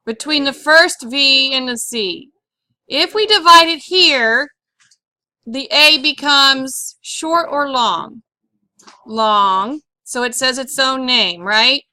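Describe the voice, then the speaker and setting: A woman's voice: sits high, takes it slowly, sharp tone, no echo. A woman teaching a phonics lesson on syllables and accents, patiently asking questions and repeating each word for her pupils.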